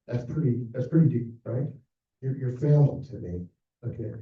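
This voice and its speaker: A man's voice: mid-range voice, animated, normal speed. Man lecturing in an echoey hall. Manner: storytelling, acts out quoted dialogue. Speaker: planned giving director presenting a workshop. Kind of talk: conference talk to fundraisers. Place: conference room with an audience. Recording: distant, echoey, dull room recording.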